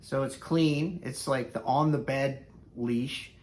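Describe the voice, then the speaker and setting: A man's voice: medium pitch, slow, a little mellow. Rambling, conversational male dog trainer. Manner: rambling, conversational, with frequent fillers. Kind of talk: casual vlog storytelling.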